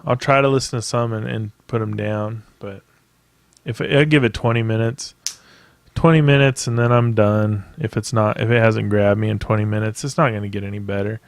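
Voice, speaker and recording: A man's voice: on the low side, fairly even intonation, a little fast, creaky, no room sound. Dude ranting solo on his podcast, swears a ton, rambly and emphatic, dry close sound. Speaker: podcast host. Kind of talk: casual solo podcast rant.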